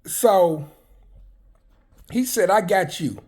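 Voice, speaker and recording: A man from Arkansas, casually telling personal stories in a flamboyant, animated, profane way. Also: high voice, extremely slow, husky. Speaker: vlogger.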